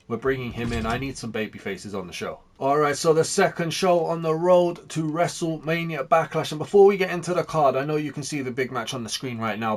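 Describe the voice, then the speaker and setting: Chatty young guy doing game commentary, mid pitch, fast then slow, quiet music behind. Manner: chatty and upbeat, jumping between fast and slow. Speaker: gaming channel host. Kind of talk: casual gameplay commentary.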